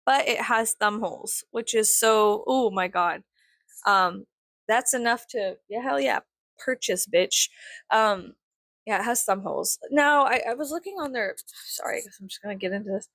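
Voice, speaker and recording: A woman's voice: medium pitch, moderate pace, fairly bright tone, no room sound. A young woman from South Texas chatting casually to camera, rambling with lots of "like" and swearing freely. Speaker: vlogger.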